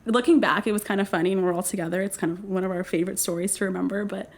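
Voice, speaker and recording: Young woman telling a lively story. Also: medium pitch, very fast. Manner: animated, acts out quotes, laughs often. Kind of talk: casual storytelling.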